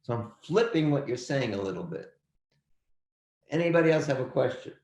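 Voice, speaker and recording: An emphatic man leads a history class over a video call, circling back to restate his points. His voice is gravelly and sits in an echoey room. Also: medium pitch, big pitch swings, a little fast, a little mellow, a little hiss or hum. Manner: emphatic, repeats phrases, calls on students by name. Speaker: history teacher. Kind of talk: online class lecture.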